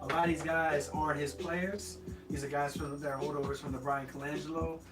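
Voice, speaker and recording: Guy rambling about basketball trades, lots of restarts, roomy and far from the mic, game music loud. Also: a little high, little pitch movement, brisk. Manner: rambling analysis with many restarts and repeated words. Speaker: podcast co-host. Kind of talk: casual sports talk.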